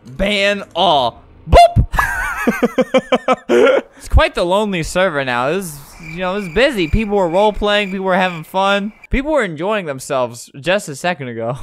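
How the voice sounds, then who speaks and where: A gaming video creator giving comedic commentary in an excitable, teasing way, laughing often, at a desk microphone. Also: medium pitch, moderate pace.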